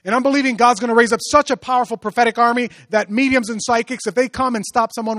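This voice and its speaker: A male pastor preaching a sermon, moving from hushed storytelling to loud, rising exhortation. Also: very high voice, fairly even intonation, fast talker, few pauses, no room sound.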